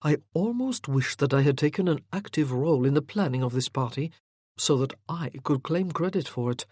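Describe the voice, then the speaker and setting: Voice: medium pitch, animated, normal speed, dark tone, no echo, studio quality, close to an everyday voice. A reader voicing a mocking worldly nobleman. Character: teasing worldly French nobleman, charming rake. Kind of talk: audiobook character reading.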